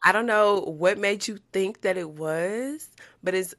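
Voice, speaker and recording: A woman's voice: mid-range voice, unhurried, a bit bright, no room sound, studio quality. A woman in her twenties co-hosting a casual chat podcast, slangy and laughing often. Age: 20s. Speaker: podcast co-host.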